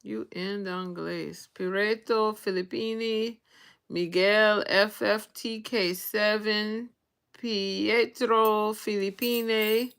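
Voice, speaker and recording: An older American woman talks slowly and unhurriedly to her livestream viewers from her bedroom, her voice bright and clear. She chats loosely and reads out viewer names as she goes, picked up by her phone. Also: medium pitch, fairly even intonation. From United States. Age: 60s. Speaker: vlog host. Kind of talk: casual livestream chat.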